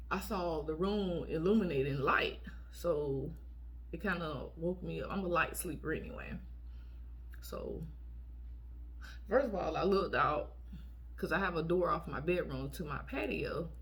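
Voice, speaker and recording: Speaking in a low voice, slowly and with frequent pauses, a female vlogger recounts a dating story to her audience. She's casual, blunt and lively, and she often re-enacts what she said by raising her voice.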